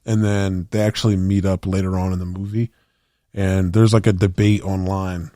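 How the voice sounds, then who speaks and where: A man's voice: low-pitched, flat delivery, moderate pace, mellow, no room sound, studio quality. A man co-hosting a podcast in casual chat, rambling through movie scenes and acting out the lines with plenty of swearing. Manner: rambling storyteller, acts out movie quotes, swears. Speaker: podcast co-host.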